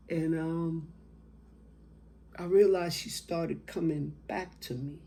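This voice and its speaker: A middle-aged man telling a personal story as a motivational speaker, slow and reflective with long pauses. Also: on the high side, steady tone, vocal fry, mellow, a little hiss or hum.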